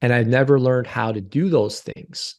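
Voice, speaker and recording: Earnest and confessional, a man in his 40s shares a personal story as a podcast guest in candid interview style, frequently repeating phrases. He speaks at normal speed in a mid-range, darkish voice.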